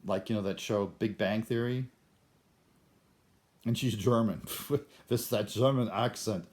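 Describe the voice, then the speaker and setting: An older man rambles through a solo vlog, breaking off and restarting his sentences. His voice sits on the low side. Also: a little slow, darkish tone. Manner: rambling, self-interrupting, stammering restarts. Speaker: vlogger. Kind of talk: rambling monologue.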